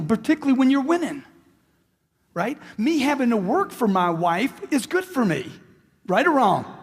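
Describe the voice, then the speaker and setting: Brief: middle-aged male sales trainer, high-pitched and punchy, repeats lines for effect, long hall reverb. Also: sing-song, normal speed, breathy edge. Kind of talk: live seminar talk. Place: large hall with a live audience.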